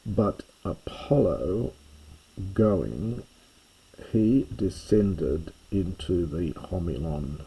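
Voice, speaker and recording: A man teaching a slow line-by-line reading of ancient Greek, stopping with fillers and stressing each translation. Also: low-pitched, lively intonation, dark tone, breathy edge, rough recording. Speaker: classics teacher reading Homer.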